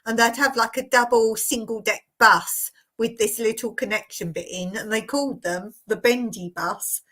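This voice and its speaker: A chatty woman with a high voice hosts a casual live stream. She reads out viewer comments and tells stories with plenty of giggles. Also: steady tone, normal speed, a bit bright. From England. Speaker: vlogger hosting a live stream.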